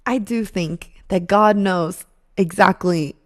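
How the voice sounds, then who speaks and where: Young woman podcast host, casual storyteller, lively and laughing, mid pitch, dry close recording. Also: slow pace, no room sound. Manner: animated, laughing often, acting out quotes.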